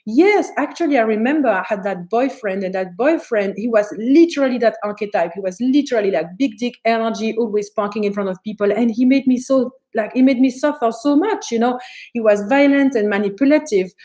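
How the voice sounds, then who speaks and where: A woman spiritual teacher on a live stream, chatty and animated, answering viewers' comments and laughing as she acts out the voices in her head. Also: on the high side, a little fast.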